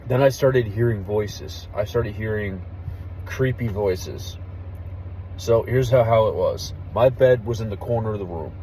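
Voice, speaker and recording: A young man, an army veteran, tells a story in a low, mellow voice, candid and full of casual swearing. He lowers to a near hush when the story turns tense. Faint traffic noise from outside sits under his voice. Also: a little slow, poor audio. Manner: candid, profane, drops to a hush for tense moments.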